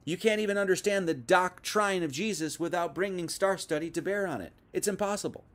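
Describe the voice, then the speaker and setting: A man's voice: high-pitched, a little fast, fairly bright tone. A young man giving a casual, conversational Bible teaching, full of asides and restarts. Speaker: preacher.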